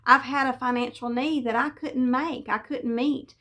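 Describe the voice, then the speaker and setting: A woman's voice: high voice, steady tone, normal speed, sharp tone. A middle-aged woman giving a personal devotional testimony, telling her story earnestly with fillers and restarts. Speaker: devotional speaker.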